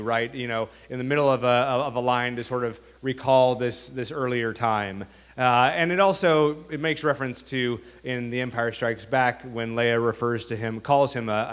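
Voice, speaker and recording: Brief: male author at a school event, casual and halting, middle pitch. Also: fairly bright tone. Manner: chatty, many fillers and restarts. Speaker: author speaking to students. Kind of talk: reading aloud then explaining to an audience. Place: school auditorium.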